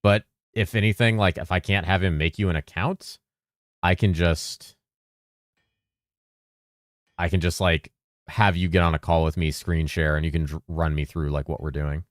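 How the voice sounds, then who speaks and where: Low-voiced rambling streamer man. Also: fairly even intonation, normal speed, pauses often, dry recording, studio quality. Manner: loose and rambling, swears freely, mumbles at times. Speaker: game streamer. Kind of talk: casual live-stream chat.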